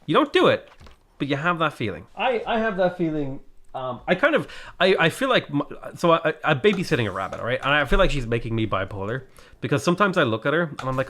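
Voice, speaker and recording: A man's voice: medium pitch, very animated, fairly quick, fairly bright tone. A man giving casual commentary over his strategy game, exasperated and self-mocking, rambling about his bad luck. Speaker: gaming video creator.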